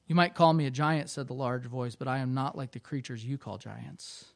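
Aslan, a hushed deep lion, read by a man. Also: normal speed, creaky, no echo, studio quality, natural voice. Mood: calm, gentle. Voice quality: soft, low and hushed. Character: vast deep-voiced male lion, calm and gentle. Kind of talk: reading aloud from a storybook.

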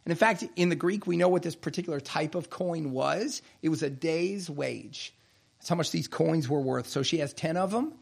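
A man delivers a sermon with a gravelly, fry-tinged voice that sits a little higher than most men's. He reads scripture aloud and slows down to press on the words that matter. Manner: slows down to stress key phrases. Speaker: preacher.

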